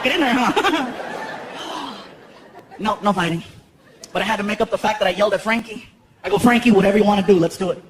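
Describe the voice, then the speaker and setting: Lively stand-up comedian, a high-pitched man, performing live to a big laughing crowd in a noisy venue. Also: quick pace. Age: 30s. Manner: animated, lots of character voices and shouted punchlines. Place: large theater stage. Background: audience laughter and crowd noise.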